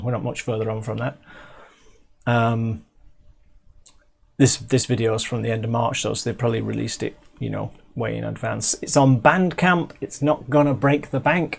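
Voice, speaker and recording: Gravelly, rambling English man. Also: medium pitch. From England. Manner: chatty, self-interrupting, many restarts and fillers. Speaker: music video reviewer. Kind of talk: casual rambling review.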